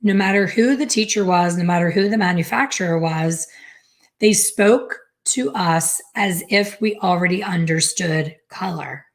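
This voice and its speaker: A middle-aged woman with a somewhat low voice tells a personal story in a lively, animated way. She acts out the dialogue she quotes as she goes. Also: a little slow. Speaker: hair color educator.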